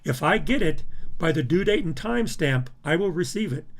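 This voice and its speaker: A man's voice: on the high side, expressive, brisk. A male university professor walking through a course syllabus, emphatic, with frequent restarts and repeated words. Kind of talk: recorded syllabus walkthrough.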